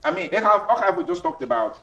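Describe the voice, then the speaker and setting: A man hosting a panel discussion, framing questions in formal, measured phrasing. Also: high voice, pushed and bright, dull audio. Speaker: talk show host. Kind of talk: moderating a panel debate.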